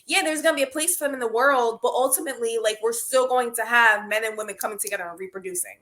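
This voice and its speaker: A woman's voice: fairly high pitch, quick pace, bright, forceful tone. A woman co-hosting a podcast, firmly arguing back in a casual debate. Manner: firm, arguing back, many fillers. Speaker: podcast co-host.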